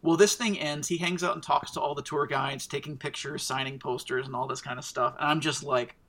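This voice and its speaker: A man telling a long personal story in casual chat, animated and acting out what others said. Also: on the high side, brisk. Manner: animated storyteller, acts out quotes. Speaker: storytelling guest.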